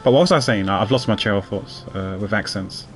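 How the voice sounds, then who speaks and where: Male streamer, low voice, rambling casual commentary over gameplay. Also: quick pace, faint music behind. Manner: rambling, repeats words, chuckles often.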